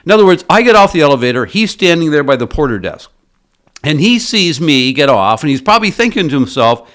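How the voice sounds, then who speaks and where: A man's voice: fairly high pitch, sing-song, fairly quick, fairly bright tone. A man working as a business coach, giving a motivational talk built around a story and asking his listeners rhetorical questions.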